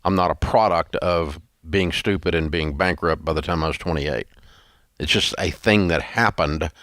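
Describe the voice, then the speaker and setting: A man's voice: sits low, normal speed, a bit bright, no room sound, clean studio sound. A man hosting a radio talk show, chatting in a folksy, rambling way with lots of restarts. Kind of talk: casual on-air talk.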